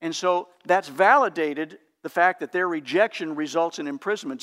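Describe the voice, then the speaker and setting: A pastor preaching a sermon in an earnest, emphatic, teacherly way. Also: male voice, fairly high pitch, fairly quick, hardly any pauses, a bit bright.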